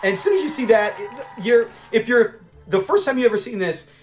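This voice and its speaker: A man's voice: sits high, expressive, a little fast. A man hosting a casual episode breakdown, talking in an enthusiastic, rambling fan style. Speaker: host of a show-review channel.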